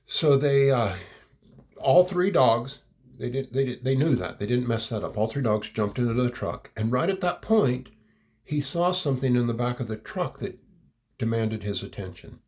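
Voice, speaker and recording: A man's voice: medium pitch, animated, normal speed, a little mellow. A middle-aged man telling a rambling personal anecdote, repeating words and chuckling as he goes. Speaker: storyteller. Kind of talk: personal anecdote told aloud.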